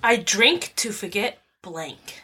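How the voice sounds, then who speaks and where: A woman guest on a podcast, reading game cards and reacting quickly with laughs. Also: mid-range voice, lively intonation, heavy background noise. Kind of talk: casual chat during a card game.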